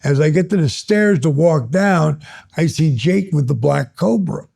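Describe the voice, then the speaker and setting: An older man in his sixties with a heavily gravelly, husky voice, guesting on an interview. He tells his stories with animated energy and keeps building them up. His tone sits dark and mellow, a little above the usual pitch for a man. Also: a little slow. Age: 60s. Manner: animated, builds stories up excitedly, laughs between phrases. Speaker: guest, retired pro wrestler. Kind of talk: storytelling in an interview.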